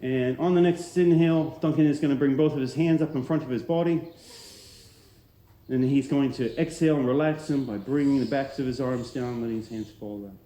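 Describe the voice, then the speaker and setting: Calm male instructor with a mellow, roomy voice. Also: medium pitch, a little fast. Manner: calm, steady instruction with soft trailing ends. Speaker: martial arts instructor. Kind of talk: guiding a relaxation drill. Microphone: headset mic. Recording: roomy echo.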